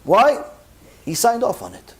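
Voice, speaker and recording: A man giving a Torah sermon as a rabbi, animated, acting out both sides of conversations and dropping in Hebrew religious terms. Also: very high voice, a little slow.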